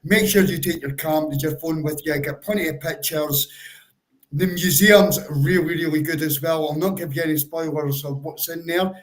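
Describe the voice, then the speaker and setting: A co-host of a football fan livestream chats casually, calling listeners "bro" and giving step-by-step advice in a stop-start way. His voice has a fairly high pitch and a steady tone at normal speed, though the audio is poor.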